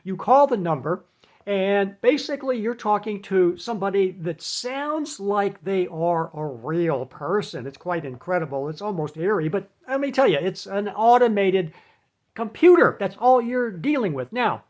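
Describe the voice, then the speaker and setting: A man giving casual advice in an animated, chatty way, laughing at his own jokes. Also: sits high, moderate pace. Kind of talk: casual talk to camera.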